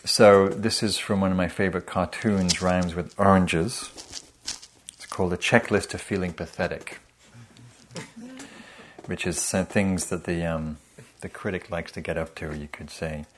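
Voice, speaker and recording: Low-voiced male meditation teacher. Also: steady tone, unhurried, a little hiss or hum. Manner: humorous, conversational, self-deprecating. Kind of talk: dharma talk.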